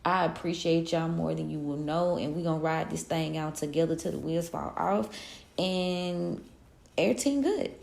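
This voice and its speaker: A woman with a low, gravelly voice gives a casual tarot reading full of slang and pep-talk encouragement. The sound is echoey, as if from a bare room. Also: moderate pace, darkish tone. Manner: loose, slangy pep-talk delivery with frequent laughs. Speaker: tarot reader.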